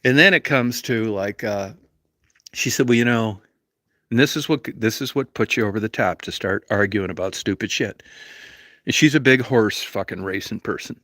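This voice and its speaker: A man's voice: fairly low pitch, normal speed, pushed and bright, dry recording, clean studio sound. A man hosting a livestream, telling a story as a profane, rambling, argumentative rant full of constant swearing. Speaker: livestream host.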